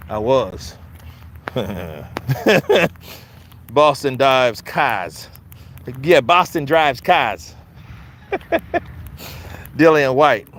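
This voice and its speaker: A man's voice: a little high, a bit bright, slight background noise. A man with a Philadelphia accent hosting casual boxing commentary, loose and joking, hyping things up with repeated chants. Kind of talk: casual live-stream chat.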